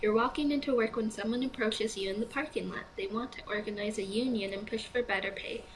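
A woman's voice: a little high, brisk, a little hiss or hum, poor audio. A young woman playing a choice-based game, reading the prompts aloud and chatting through her decisions, sleepy and yawning. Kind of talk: let's play commentary.

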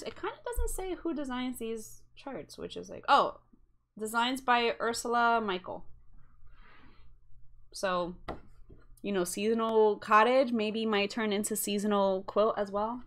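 A young woman at home chatting casually through a cross-stitch haul, rambling with asides and quick apologies. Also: a little high, lively intonation, a bit bright. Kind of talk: casual chat showing a craft haul.

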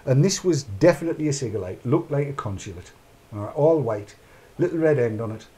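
A man's voice: medium pitch, expressive, fairly quick, warm tone. A middle-aged man hosts a casual chat, rambling along in a mid-range voice. He talks off the cuff and narrates his own actions aloud as he goes. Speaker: podcast host.

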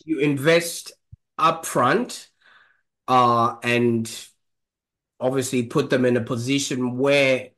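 Male interview host, mid-pitched, rambling and halting, heavy on fillers. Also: a bit bright. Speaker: podcast host. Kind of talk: interview questions.

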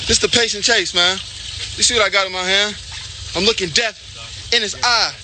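A man's voice: high voice, steady tone, moderate pace. Hollering man fishing outdoors. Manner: hollering, boastful, joking. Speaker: basketball player fishing. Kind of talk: excited casual chat. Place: outdoors on a lake. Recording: outdoor noise behind.

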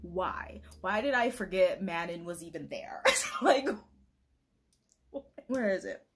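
Gushing, husky young woman. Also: lowish voice, animated, slow. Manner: gushing, laughs often, reads passages aloud. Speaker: book vlogger. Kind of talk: casual reading vlog.

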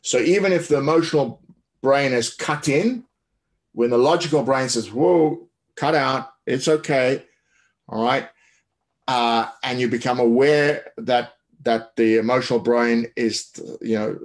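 Man, coach, webinar talk, middle pitch, lots of fillers and restarts. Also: normal speed. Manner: loose, filler-heavy explaining with many restarts. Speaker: tennis coach.

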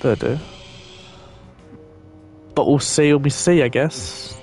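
A man's voice: mid-range voice, slow, a little mellow, faint music behind. A young man rambling casually and swearing now and then as he plays a game and chats with viewers. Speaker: gaming channel host. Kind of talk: casual gameplay commentary.

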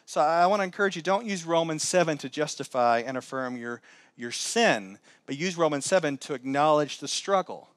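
A man delivers a church sermon in a notably high, light voice, close and dry with little room sound. He is animated, jumping from loud, raised exclamations to hushed, low asides as he preaches. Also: fairly quick, no echo. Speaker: pastor. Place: church sanctuary.

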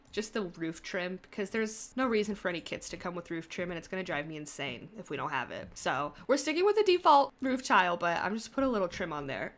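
Woman gaming creator, young adult, higher voice with bouncy swings, chatty running commentary. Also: bright, forceful tone. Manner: chatty, thinking aloud, often laughing at herself. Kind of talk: casual gameplay commentary.

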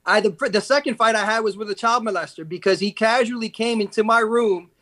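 A man's voice: sits high, brisk, fairly bright tone. A man on a podcast as a guest, telling blunt, profane stories in casual chat. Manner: profane, blunt, emphatic storytelling.

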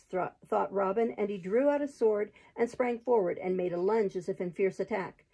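A woman reading a classic adventure tale aloud chapter by chapter in a gentle, steady manner. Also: medium pitch, normal speed, hardly any pauses, slightly rough, highs cut off. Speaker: host reading a book aloud. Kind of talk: storybook read-aloud.

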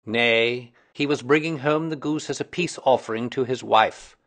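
A man's voice: mid-range voice, normal speed, fairly bright tone, lightly acted. A man reading aloud voices a self-assured Victorian male detective explaining his deductions in a precise, lecturing way.

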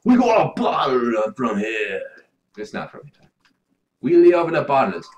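A man's voice: medium pitch, big pitch swings, normal speed, darkish tone. A young man giving casual, crude, jokey commentary while playing a video game. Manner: laid-back, crude, jokey, mumbling asides. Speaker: gaming video host.

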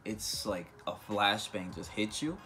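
A man's voice: lowish voice, expressive, measured pace, sharp tone, faint music behind. A young man telling a casual storytime vlog, rambling with many fillers and restarts. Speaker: vlogger.

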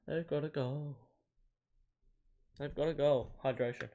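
Young aussie guy, kinda high voice, grumbling and yelling at a football game, faint clicking behind. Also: steady tone, measured pace, dull audio, a little hiss or hum. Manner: frustrated, yelps and groans at misses. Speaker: gamer. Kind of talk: casual gameplay commentary.

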